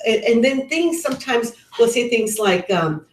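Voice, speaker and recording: A woman's voice: a little high, expressive, normal speed. Woman, middle-aged, parenting webinar talk, earnest, conversational restarts, roomy echo. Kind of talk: webinar talk with personal stories.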